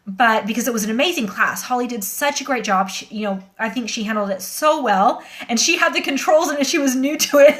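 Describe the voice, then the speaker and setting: A woman with a fairly high, fairly bright voice hosts a casual livestream from her phone, talking to her viewers. She speaks earnestly and rambles with lots of fillers, sounding shaken and emotional.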